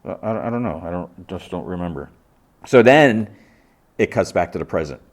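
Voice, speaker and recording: A man's voice: deep voice, expressive, normal speed. Rambling man recapping an episode. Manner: rambling, stumbling restarts and self-questioning. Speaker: podcast host.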